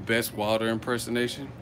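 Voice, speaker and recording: A man's voice: medium pitch, background noise. A man hosting a boxing live chat from a hotel room, telling profane, joking stories. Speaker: boxing YouTuber host. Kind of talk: live-chat vlog storytelling.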